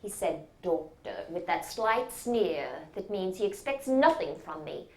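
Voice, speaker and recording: Woman, stage monologue as a doctor, halting, stammering, unhurried. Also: mid-range voice, animated. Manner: hesitant, self-doubting, halting with stammered restarts. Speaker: actor playing a hospital doctor. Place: stage performance.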